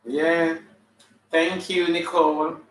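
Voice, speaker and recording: A man's voice: a little high, little pitch movement, slow pace. Man playing a brassy Jamaican drag auntie, flamboyant, calls out names, faint room echo from a distance. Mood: gossipy. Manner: flamboyant, shouting out viewers' names. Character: sassy female character in drag, full of attitude. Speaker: comedian hosting a live stream. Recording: echoey room, mic at a distance.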